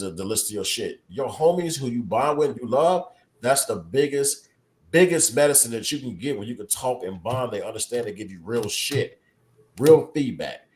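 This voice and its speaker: A man co-hosting a casual podcast discussion, speaking candidly with plenty of profanity and repeated words for emphasis. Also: medium pitch. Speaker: podcast co-host.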